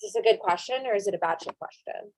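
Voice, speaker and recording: A woman hosts a podcast in relaxed, casual chat, joking and tossing out playful questions. Her middle-pitched voice sounds dry and close. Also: fast talker, no room sound. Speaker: podcast host.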